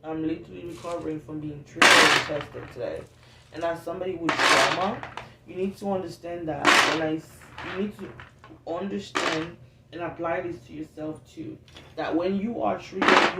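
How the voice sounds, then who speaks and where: A woman whose voice is on the low side talks at normal speed in an unscripted, casual self-help vlog, candidly rambling and swearing without restraint. The recording has faint noise and a roomy, distant-mic character.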